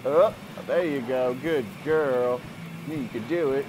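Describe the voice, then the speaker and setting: A man's voice: mid-range voice, a little slow, background noise. A man giving jumpy, jokey commentary while playing a game, often talking to himself. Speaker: gamer. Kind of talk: let's play commentary.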